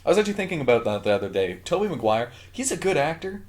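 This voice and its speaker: A man's voice: fairly high pitch, sing-song, rapid-fire, a little mellow. A man in his twenties co-hosting a podcast, chatting casually and joking around with plenty of swearing. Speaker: podcast co-host. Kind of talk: casual chat.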